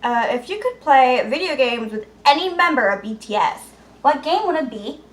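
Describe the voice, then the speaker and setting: A woman vlogger answering viewer questions in a casual, rambling way, with lots of "uh" fillers and stretches where she drops to a soft murmur. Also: high voice, very animated, normal speed. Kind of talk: casual Q&A vlog. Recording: roomy echo with faint background noise.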